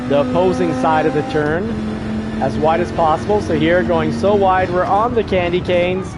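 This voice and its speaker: A man commenting casually on his online race, joking around and explaining driving tips as he goes. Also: fairly high pitch. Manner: chatty, joking, explains as he drives. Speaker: racing game streamer. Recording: loud racing game engine noise behind. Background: race car engines from the game.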